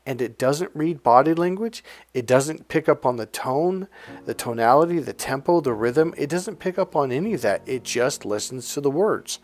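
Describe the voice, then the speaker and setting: A man's voice: mid-range voice, a little mellow. A man coaching on relationships in a loose, slangy monologue, acting out short exchanges between people. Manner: loose, slangy, acts out little dialogues in quotes. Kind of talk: casual monologue to camera.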